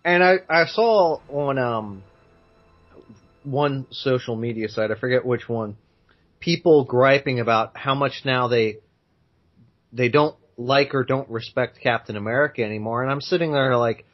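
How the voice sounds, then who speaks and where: A man's voice: medium pitch, measured pace. Opinionated man on a lo-fi podcast. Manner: opinionated, lots of "you know" fillers. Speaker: podcast co-host. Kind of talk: casual chat.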